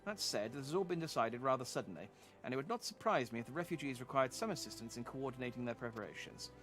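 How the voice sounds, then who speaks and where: Stately male lord issuing commands in measured, old-fashioned phrasing, read out by a man playing a game. The voice is his own, delivered with lively pitch movement. Faint game music plays underneath. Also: natural voice. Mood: formal. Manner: formal, measured.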